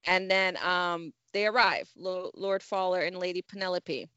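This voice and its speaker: A woman's voice: on the low side, normal speed, sharp tone, smooth, no room sound, dull audio. A woman from New Jersey co-hosting a podcast, chatting casually with frequent laughs and easy swearing. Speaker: podcast co-host. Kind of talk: casual chat.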